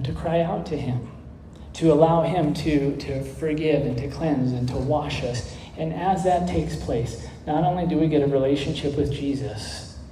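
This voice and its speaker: A man preaching a sermon, telling a story and closing in prayer, earnest and measured, with small restarts. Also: fairly high pitch, dark tone, roomy sound, slight background noise, low-quality recording.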